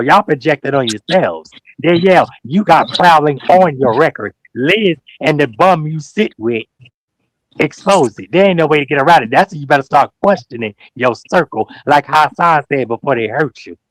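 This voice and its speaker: A man's voice: fairly high pitch, normal speed, no room sound. Emphatic preachy man on a livestream. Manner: emphatic, preachy, addresses people directly and repeats phrases; slangy, animated storytelling with mock quotes. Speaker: guest on a livestream talk show. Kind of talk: heated livestream call-out talk.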